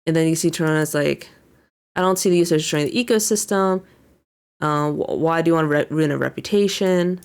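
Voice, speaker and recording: Low, gravelly-voiced young woman recapping. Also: darkish tone. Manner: recaps scenes by paraphrasing characters with many fillers. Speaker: VTuber reacting to an anime episode. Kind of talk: casual commentary.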